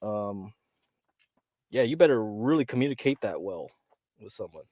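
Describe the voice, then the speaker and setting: A man's voice: on the low side, animated, normal speed, mellow, dry recording, studio quality. A young man co-hosting a live stream, talking in a laid-back, joking way. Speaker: stream co-host. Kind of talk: casual stream chat.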